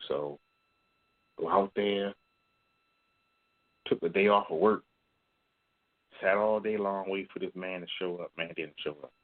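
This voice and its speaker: A man with a somewhat low voice calls in to share a confession, telling it bluntly and with plenty of cursing. He voices the people in his story as he goes. The sound is thin and tinny, like a phone line. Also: unhurried, pauses often. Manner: blunt, profane storytelling, acts out quoted voices. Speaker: caller. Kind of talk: call-in confession.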